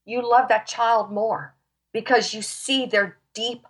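A woman's voice: fairly high pitch, steady tone, takes it slowly. Woman guest, fervent faith testimony, emphatic and emotional. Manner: passionate, emphatic, near tears. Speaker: talk show guest.

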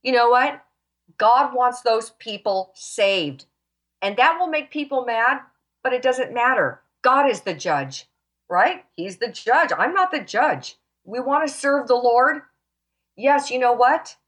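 A woman's voice: a little high, expressive, slow pace, fairly bright tone. Passionate woman giving a Christian testimony. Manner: passionate, emphatic, near tears. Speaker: talk show guest.

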